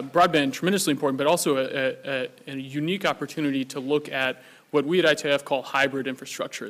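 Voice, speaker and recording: This is a man speaking as a panelist from a policy institute. His delivery is brisk and explanatory, and it is dotted with "uh" fillers. His voice sits at a mid pitch for a man. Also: fairly bright tone. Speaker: think-tank analyst, panelist. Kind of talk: panel discussion.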